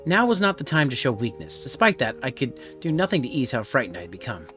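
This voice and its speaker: A man's voice: medium pitch, fast talker, soft background music. A man streaming a story game, narrating its events expressively in the first person. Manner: expressive, theatrical, animated.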